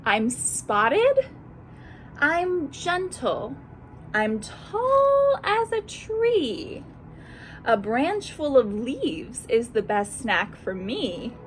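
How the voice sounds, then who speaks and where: A woman voicing a gentle, tall mother giraffe who speaks softly in riddles in a storybook reading. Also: high-pitched, big pitch swings, very slow, slight background noise, heavily acted.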